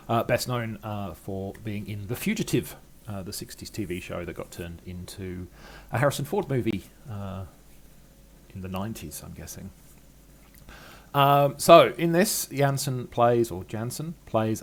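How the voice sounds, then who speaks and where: An older man giving a chatty, wry film review, full of ums and uhs. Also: lowish voice. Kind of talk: casual film review monologue.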